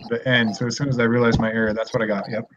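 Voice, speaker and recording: Deadpan young man on a muffled call. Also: mid-range voice, rapid-fire. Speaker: student in a study group. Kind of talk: casual group study chat on a call. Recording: dull audio with faint noise.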